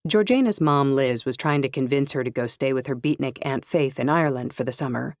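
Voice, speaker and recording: A woman narrating a first-person novel in an even, clear storytelling voice. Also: extremely low pitch, fairly quick, no room sound, studio quality. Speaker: audiobook narrator.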